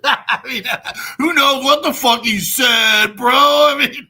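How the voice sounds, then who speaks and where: Profane, bright-voiced ranting man. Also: very high-pitched, slow pace, slightly rough. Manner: profane, mocking, laughing often. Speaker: show host. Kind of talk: mocking comic rant.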